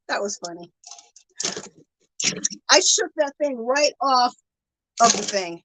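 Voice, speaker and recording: Bubbly, animated woman live-streaming. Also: fairly high pitch, a little slow, long pauses, dry recording, poor audio. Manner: bubbly, effusive thanks, counts aloud. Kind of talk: casual live-stream chat.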